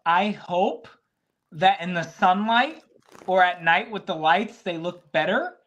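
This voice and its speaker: An excitable man co-hosting a casual sports chat. His pitch swings widely and he reacts out loud as he goes. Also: slow pace, muffled recording. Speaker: podcast co-host.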